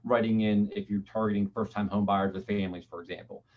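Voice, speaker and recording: Low-voiced man explaining, muffled audio. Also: level tone, fast talker. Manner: loose, restarts often, uses filler phrases. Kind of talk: explaining in a webinar. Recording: dull lo-fi audio.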